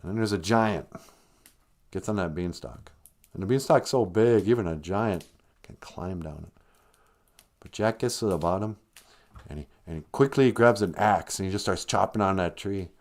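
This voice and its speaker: A podcast host with a deep voice tells a comic fairy tale at normal speed, leaving long pauses. He rambles and jokes his way through it, laughing at his own story.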